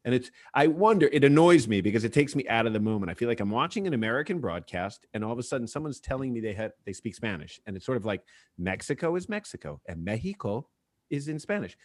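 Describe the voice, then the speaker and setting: A man's voice: medium pitch, big pitch swings, fast. A man hosting a casual soccer podcast, airing an opinionated rant full of rhetorical questions. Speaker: podcast host.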